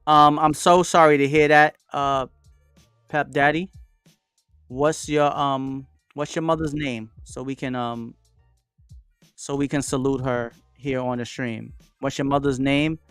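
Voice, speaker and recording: A man's voice: mid-range voice, a little slow, clean tone, no echo. A man hosts a casual live stream, talking loosely and answering viewers' comments as they come in. His voice sounds dry and close, with faint music playing underneath. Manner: relaxed, chatty, with frequent fillers and shout-outs. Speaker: livestream host. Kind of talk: casual livestream chat.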